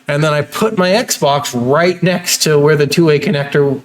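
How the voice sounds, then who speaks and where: A man's voice: a little high, moderate pace, few pauses, low-quality recording. A man co-hosting a gaming podcast in casual chat, blunt and profane, cutting in and telling rambling stories. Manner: blunt and profane, interrupts, tells rambling anecdotes. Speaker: podcast co-host.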